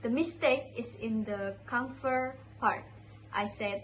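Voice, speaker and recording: A woman's voice: on the high side, slow pace, a little hiss or hum, rough recording. A young woman with an Indonesian accent presents a class assignment, carefully repeating words as she practises them. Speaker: student.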